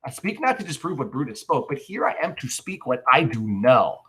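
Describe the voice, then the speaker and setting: A man reading Mark Antony's funeral speech aloud in class, delivering a grieving, cunning Roman orator's lines with measured, rhetorical drama. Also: medium pitch, sing-song, bright, forceful tone, husky, exaggerated voice. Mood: sorrowful.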